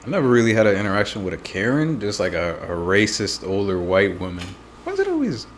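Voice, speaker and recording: A man's voice: fairly low pitch, quick pace, slight background noise. A young man on a podcast, telling a story with lots of laughing and swearing. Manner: laughs often, swears freely. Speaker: podcast co-host. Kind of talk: casual chat.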